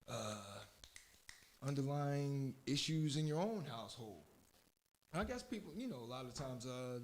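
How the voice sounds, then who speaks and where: A man with a Philadelphia-area accent, hosting a radio show in a rambling, chatty way, often correcting himself mid-sentence. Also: medium pitch. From southeastern Pennsylvania. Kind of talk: casual talk radio chat.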